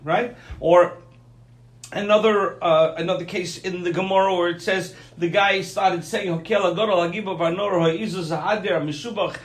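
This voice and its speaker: A man's voice: sits high, fairly even intonation, a little fast, roomy sound. A man teaching a conversational Torah class, often checking in with "okay?" and "right?".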